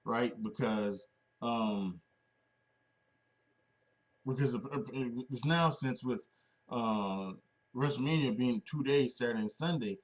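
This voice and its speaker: A man's voice: medium pitch, slow, pauses often. Rambling man hosting a wrestling podcast. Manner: rambling, many restarts and fillers. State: sleepy, yawning. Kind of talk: casual solo podcast talk.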